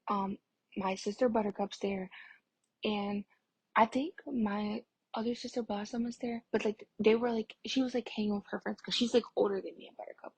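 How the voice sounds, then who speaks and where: A young adult woman vlogger rambles through a casual storytime, packing it with "like" fillers and sometimes dropping into a breathy whisper. Her mid-range voice is a little mellow, captured in a dry recording.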